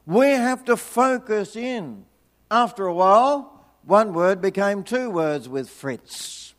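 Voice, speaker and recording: A man preaching a sermon, telling a personal story with energy, then dropping into hushed, slow prayer. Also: high voice, lively intonation. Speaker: pastor.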